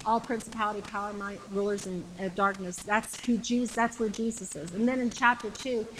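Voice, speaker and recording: A woman preaching a sermon with passion, repeating phrases and shouting the climactic lines. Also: mid-range voice, steady tone, a little fast, a little hiss or hum, poor audio.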